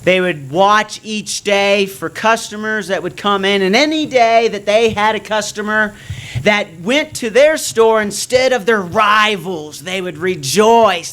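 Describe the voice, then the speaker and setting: A man's voice: high-pitched, a bit bright. A man from Nova Scotia, Canada, with a Canadian accent touched by a slight Southern drawl, preaching a friendly, story-driven sermon in a church. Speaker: guest preacher.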